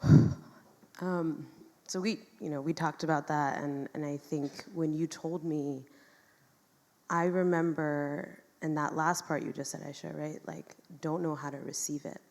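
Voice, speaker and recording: A woman in a stage talk, speaking reflectively and softly to an audience. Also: deep voice, fairly even intonation, a little slow, vocal fry, in a large hall. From United States.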